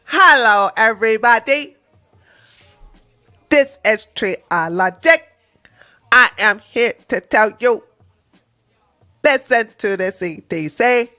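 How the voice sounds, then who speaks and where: A woman pretending to be a robot, making a flat, formal announcement. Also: a little high, slow pace, long pauses, faint music behind, full character voice. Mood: mock formal. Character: stiff announcer robot reciting official advice.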